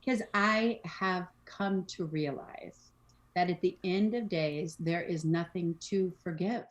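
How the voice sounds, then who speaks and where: A woman's voice: lowish voice, takes it slowly, highs cut off. A woman talking as a podcast guest, casual and emphatic, often repeating phrases and acting out what people say. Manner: emphatic, repeats phrases, acts out quoted speech. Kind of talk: casual conversation on mental health and spirituality.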